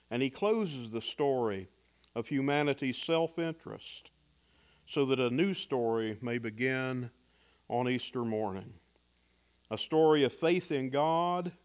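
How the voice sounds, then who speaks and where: A man preaching a sermon in a measured, reflective way, pausing for effect. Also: mid-range voice. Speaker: pastor.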